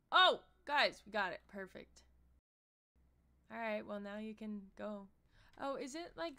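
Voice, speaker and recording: A young woman giving excited, gushing commentary as she plays a life-simulation game. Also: a little high, gravelly. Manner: excitable and gushing, quick gasps and squeals. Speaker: let's play host. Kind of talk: casual gameplay commentary.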